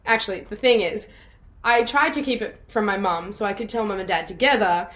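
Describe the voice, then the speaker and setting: A woman's voice: medium pitch, fairly quick, a bit bright. A young woman, chatting bubbly as a guest over a video call, laughing often. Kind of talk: casual interview chat.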